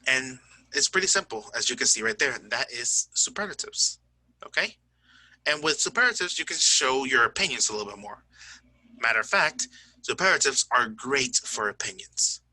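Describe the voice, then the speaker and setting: Guy teaching english grammar, super bright voice, dry close sound, jokey, keeps saying right? okay?. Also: medium pitch, animated, no room sound. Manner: chatty, joking, checks understanding with "right?" and "okay?"; slows right down to spell out word endings. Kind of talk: recorded online grammar lesson.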